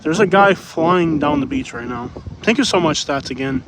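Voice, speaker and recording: A man's voice: on the high side, animated, normal speed, creaky. A man hosting a casual livestream outdoors on a beach, rambling and repeating himself as he reads out comments. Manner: rambling, repeats phrases, laughs often. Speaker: livestream host. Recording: outdoor noise, passing vehicles.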